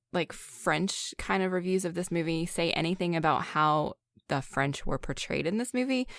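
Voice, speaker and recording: A woman's voice: lowish voice, dry recording. A woman co-hosting a podcast who chats about a film, shares trivia and asks her co-hosts questions. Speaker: podcast co-host. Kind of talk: casual film discussion.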